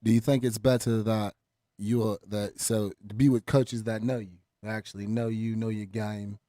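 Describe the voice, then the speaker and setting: A man's voice: fairly low pitch, flat delivery, moderate pace, warm tone, dry recording, studio quality, natural voice. A man putting on a pompous mock sports interviewer. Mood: earnest. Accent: put-on accent. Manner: mock-formal, indignant when teased. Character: mock self-important male sports interviewer. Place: studio.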